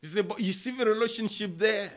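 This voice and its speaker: This high-pitched middle-aged man is preaching, taking his time and choosing each word with care. He leans on repetition of important words and addresses the congregation as brother and sister.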